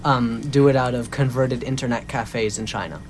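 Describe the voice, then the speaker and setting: Guy co-hosting, matter-of-fact, corrects stuff, low hum in the background. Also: steady tone, moderate pace. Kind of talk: casual chat. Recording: faint background noise and hum.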